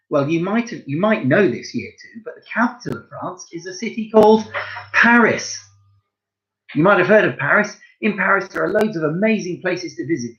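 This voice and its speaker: A primary school French teacher gives a home-learning lesson to young children, addressing his pupils directly and praising them often. His voice is on the high side and he sounds lively and encouraging. The audio is dull.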